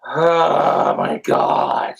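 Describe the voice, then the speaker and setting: Slow, crude man bantering with himself. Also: fairly high pitch, wildly swooping pitch, creaky. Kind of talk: comic self-talk skit in two voices.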